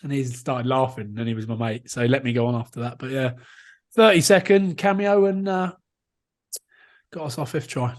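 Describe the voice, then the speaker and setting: A man's voice: medium pitch, fairly quick. A man in his thirties, a rugby player co-hosting a podcast, telling jokey self-mocking stories in casual chat.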